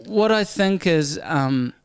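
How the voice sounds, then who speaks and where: A man with a New Zealand accent, a guest comedian telling stories in a casual interview, animated and often laughing. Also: on the high side, slow pace, clean tone, no room sound, studio quality.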